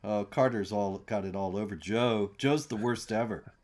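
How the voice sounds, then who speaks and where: A man hosting a casual political chat in a conversational, sardonic way, with halting restarts. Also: fairly low pitch, darkish tone. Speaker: host.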